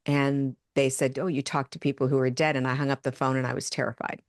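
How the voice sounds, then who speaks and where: A woman's voice: very deep voice, fast, dry recording, studio quality. An older woman, a medium and addiction counselor, telling her story in a podcast interview and acting out remembered dialogue. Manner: animated, acts out remembered dialogue.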